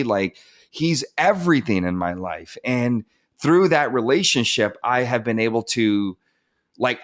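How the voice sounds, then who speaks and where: In a mid-range voice, a podcast guest shares a personal story with candor, animatedly acting out others' words and laughing at himself. When the story turns emotional, he becomes soft and subdued.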